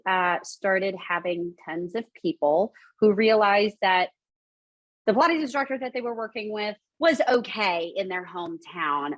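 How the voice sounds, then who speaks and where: A woman's voice: mid-range voice, a bit bright, no echo. A woman speaking as a podcast guest, earnest and emphatic, repeating phrases for stress as she shares her faith. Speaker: guest, founder of a Pilates studio. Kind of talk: faith testimony in a podcast conversation.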